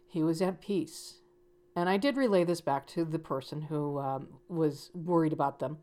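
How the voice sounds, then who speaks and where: A woman's voice: low-pitched, normal speed, warm tone. A woman talking casually as a psychic medium, telling a story with frequent restarts and quoted dialogue.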